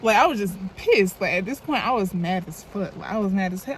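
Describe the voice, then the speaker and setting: A woman's voice: mid-range voice, expressive, moderate pace, hardly any pauses, slight background noise. A young woman, telling a storytime in a loose, chatty, profane way into a phone camera while doing her makeup. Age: young adult. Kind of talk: casual storytime vlog.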